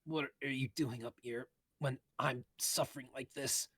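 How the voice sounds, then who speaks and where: A man reading aloud, voicing a weak, seasick young woman who whines and pleads in a drawn-out way. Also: mid-range voice, steady tone, a bit bright, slightly rough, dry recording, pitched above the performer's own voice. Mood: whiny. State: nauseous and weak.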